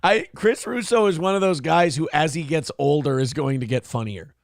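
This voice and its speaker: A man's voice: a little high, normal speed, gravelly, dry recording, studio quality. A man hosting a morning talk show, chatting casually in a profane, joking way. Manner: profane, joking, mocking impressions. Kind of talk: casual chat.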